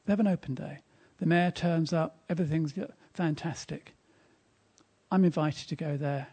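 A man preaching at a church service, telling a story with emphasis and dropping to a hushed tone at quiet moments. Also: a little high, steady tone, moderate pace, breathy edge. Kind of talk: sermon with storytelling.

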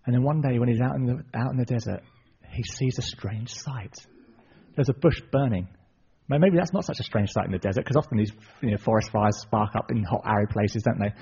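Husky guy preaching, storytelling sermon, muffled lo-fi recording. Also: mid-range voice, fairly quick. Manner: lively retelling, asides to the audience. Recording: dull lo-fi recording.

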